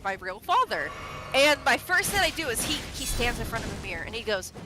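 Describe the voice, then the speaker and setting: A woman streamer telling a story in casual chat, animated, laughing and swearing freely. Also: on the high side, a little fast, music in the background.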